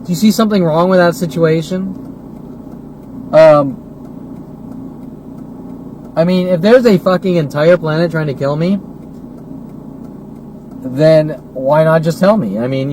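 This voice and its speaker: A man in his forties in an agitated, repetitive monologue full of rhetorical questions, recorded while driving. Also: a little high. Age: 40s. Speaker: vlogger. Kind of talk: ranting monologue. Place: in a driving car. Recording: noisy car recording.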